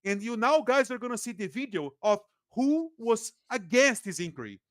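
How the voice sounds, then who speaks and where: Speaking at an extremely high pitch, a man from Brazil with a Brazilian accent and native Portuguese talks as a guest political analyst in an informal podcast interview. He laughs readily, stays animated, and tends to restart sentences. The studio-quality audio carries no echo.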